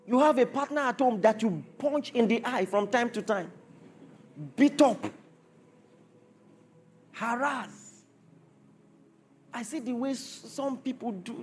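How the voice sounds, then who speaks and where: A man's voice: extremely high pitch, slow pace, pauses often, slight background noise. A man preaching a sermon to a congregation, driving points home with repeated rhetorical questions.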